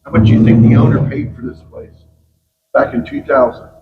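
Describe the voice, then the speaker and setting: A man's voice: medium pitch, steady tone, fairly quick, creaky, loud music behind the voice. A middle-aged man guiding a boat tour through a flooded mine, telling jokes and stories and often calling the group "guys". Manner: joking storyteller, keeps addressing the group as "guys". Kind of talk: guided tour talk. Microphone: camera of a visitor on the boat, some distance off. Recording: echoey cave, distant, dull, noisy.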